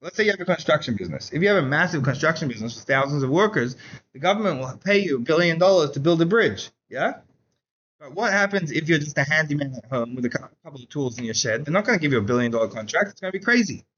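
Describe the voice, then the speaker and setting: A man teaching a Chassidus class in a casual, animated storytelling way, saying "like" often. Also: fairly high pitch, quick pace, dull audio, a little hiss or hum. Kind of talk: Torah class lecture with storytelling.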